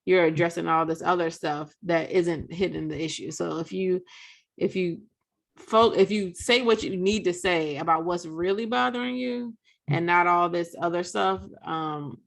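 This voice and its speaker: A woman's voice: fairly low pitch, moderate pace, gravelly. A woman co-hosting a casual discussion, reflective and emphatic, with lots of fillers.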